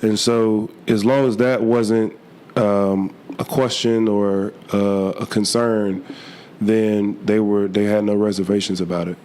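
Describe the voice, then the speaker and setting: Young man, low-pitched, hoarse with a cold, earnest, halting, full of fillers. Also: flat delivery, warm tone, slight background noise. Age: young adult. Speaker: college football player. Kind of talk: interview answers.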